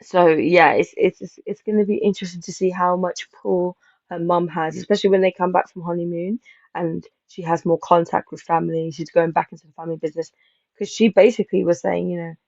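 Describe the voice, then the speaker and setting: A woman hosting a casual reality-show review panel, talking in animated, rambling bursts and laughing as she acts out quotes. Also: on the low side, a little fast, gravelly, dry recording. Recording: slightly dull lo-fi mic.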